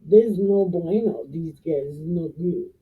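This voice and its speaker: A swaggering, foul-mouthed king barks orders in crude street slang, as a woman reads him out. The voice is husky, low and slow. It comes through a tinny, phone-like recording. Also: recorded from a distance. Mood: brash. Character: swaggering male king, brash and profane.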